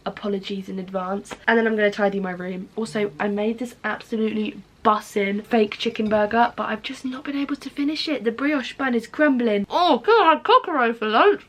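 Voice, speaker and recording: A young woman vlogging from her bedroom, her voice sitting a little high. She chats loosely and mocks herself, with casual swearing. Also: brisk, hardly any pauses. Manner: chatty, self-mocking, swears freely. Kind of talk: casual chat. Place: bedroom at home.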